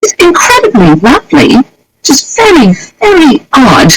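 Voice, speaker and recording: A woman player chats enthusiastically during a tabletop game, her pitch swinging widely as she talks. The sound is dry and close, with no room around her. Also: a little slow, no echo, rough recording. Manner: lively and enthusiastic.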